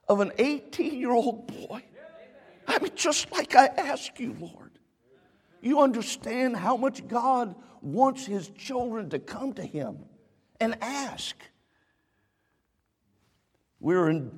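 Middle-aged male pastor, storytelling sermon, fervent, fairly high voice in a reverberant hall. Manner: storytelling, building to fervent preaching. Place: church sanctuary.

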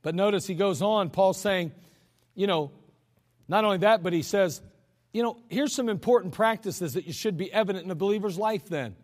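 Male pastor with a high voice, folksy and emphatic sermon delivery, long hall reverb. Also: moderate pace. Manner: folksy, chuckling asides, emphatic scripture reading.

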